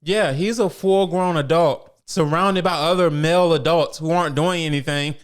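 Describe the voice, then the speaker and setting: A man's voice: a little high, fairly even intonation, moderate pace, smooth. A man co-hosting a podcast, joking about anime fights, often laughing and mimicking characters with wry asides. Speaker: podcast co-host. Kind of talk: casual anime review banter.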